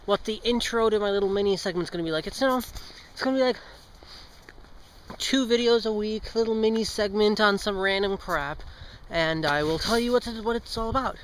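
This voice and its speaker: A man's voice: sits high, a little fast, fairly bright tone, slight background noise, low-quality recording. A teenage boy vlogging outdoors on a street as he walks, rambling, tripping over his words, joking and swearing casually. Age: teens. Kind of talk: casual vlog. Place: outdoors on a street with passing cars.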